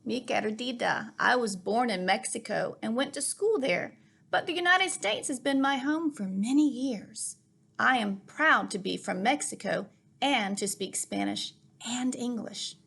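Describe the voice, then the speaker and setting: A woman voicing a gentle older great-aunt. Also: a little high, expressive, measured pace, vocal fry, husky, exaggerated voice. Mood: tender. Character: warm older great-aunt, proud immigrant. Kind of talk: storybook reading.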